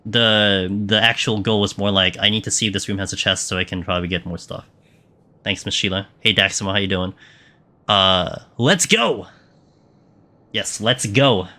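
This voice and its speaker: Bright-voiced male game streamer. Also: fairly low pitch. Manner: chatty, answers chat questions, frequent fillers. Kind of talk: live gameplay commentary.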